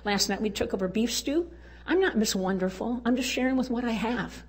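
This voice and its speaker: Older woman, husky, folksy church speaker. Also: fairly high pitch, fairly quick. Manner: folksy, exuberant, cheerleading exhortation. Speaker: women's conference speaker. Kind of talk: testimony talk at a church women's event.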